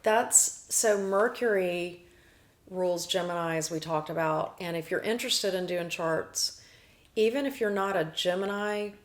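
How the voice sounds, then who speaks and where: A woman with a somewhat low voice talks through her subject in a loose, chatty way. She explains in lists and often restarts a sentence midway. She sounds like a show host chatting with a guest. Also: measured pace. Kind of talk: casual explanatory chat.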